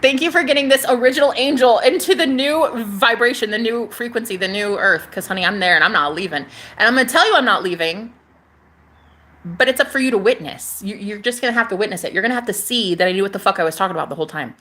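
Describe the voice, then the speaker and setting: She's a fast-talking spiritual vlogger with a medium, slightly bright voice, addressing the camera in a sassy, profane, casual monologue. Viewers get called honey, and she repeats phrases for emphasis.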